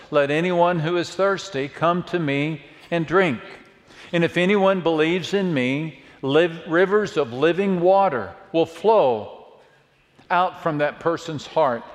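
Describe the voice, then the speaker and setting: Guy preaching a sermon, kinda high voice, long echo from a big church hall. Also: takes it slowly. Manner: dramatic, swings from hushed to shouting. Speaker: pastor.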